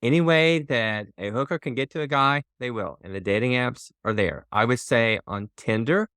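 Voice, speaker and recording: A man's voice: medium pitch, normal speed, a bit bright, clean tone, no room sound, studio quality. A man in his fifties, a podcast guest chatting candidly and laughing easily. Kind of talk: casual podcast conversation.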